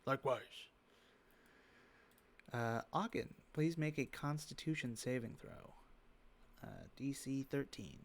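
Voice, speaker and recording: A man running a tabletop game as game master, giving rulings and narrating the action in a relaxed way with frequent filler pauses. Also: medium pitch.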